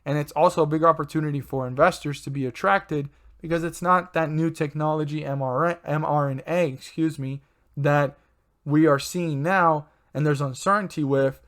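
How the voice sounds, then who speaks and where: A man's voice: a little high, fairly even intonation, normal speed, a bit bright. A man hosting his own stock channel, talking in a loose, rambling way, with many fillers and self-corrections. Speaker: stock market channel host. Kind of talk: casual rambling commentary.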